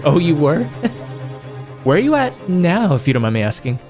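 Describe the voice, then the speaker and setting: A man streaming a game, chatting casually and warmly to viewers, calling them dude and man. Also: a little high, sing-song, measured pace. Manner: laid-back, friendly, calls viewers dude and man. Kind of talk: casual chat with live chat viewers. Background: game music.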